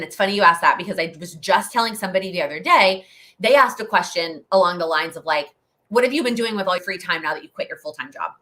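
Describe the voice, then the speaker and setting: With a sharp tone and medium pitch, a young woman runs a live Q&A stream. She rambles chattily through her answers and laughs frequently.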